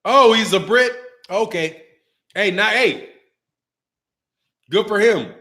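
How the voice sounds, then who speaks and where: A lively man with a fairly high voice for a man, hosting a casual livestream about boxing. He talks in loose slang, rambles and laughs a lot as he reads super chats. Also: slow. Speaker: boxing channel host.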